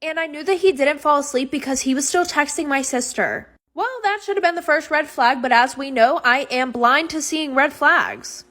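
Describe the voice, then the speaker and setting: A woman's voice: high voice, normal speed, few pauses, a bit bright. A young woman telling a personal storytime in a chatty, wry way.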